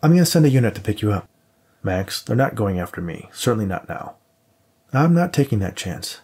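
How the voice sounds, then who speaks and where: A man's voice: on the low side, sing-song, a little fast, dark tone, slightly rough. A man voicing an agitated male police detective who insists on protecting his partner. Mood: insistent. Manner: insistent, pressing.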